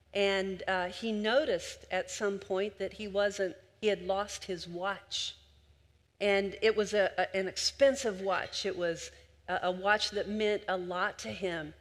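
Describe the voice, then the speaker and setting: An older woman delivers a sermon in a conversational, storytelling way, turning often to speak straight to her listeners. Her voice sits at a middling pitch. The sound carries a long reverb from a large church hall. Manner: warm conversational storytelling, addressing the congregation directly. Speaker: preacher.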